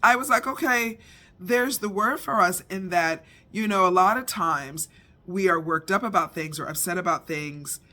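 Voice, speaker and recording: Bright-voiced woman telling a family story. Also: lowish voice, normal speed. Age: middle-aged. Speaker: devotional speaker. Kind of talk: personal story with a faith lesson.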